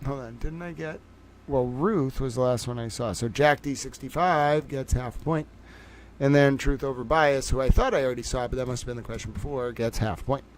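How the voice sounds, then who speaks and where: A man hosting a casual livestream trivia game, calling out viewers by name and praising them, swinging from loud excitement to quiet muttering. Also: medium pitch, fairly quick. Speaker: livestream host running trivia.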